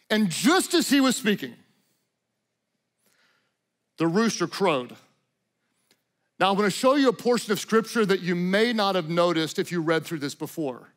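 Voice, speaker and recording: A man preaching a sermon as pastor, telling stories dramatically, hushing low and slow for solemn moments and rising to forceful emphasis. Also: sing-song. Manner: dramatic storytelling with acted-out quotes.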